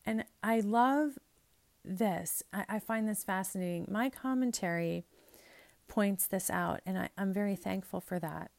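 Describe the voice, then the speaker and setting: A woman's voice: mid-range voice, steady tone, moderate pace, gravelly, darkish tone. A woman pastor reading prayers aloud, then preaching in an earnest, conversational way with asides.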